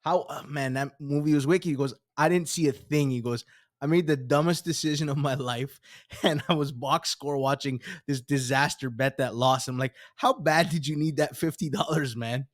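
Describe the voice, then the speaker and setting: A man's voice: fairly high pitch, moderate pace, dry recording, studio quality. A man hosting an interview podcast, chatty and casual, often stammering as he restarts lines. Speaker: podcast host.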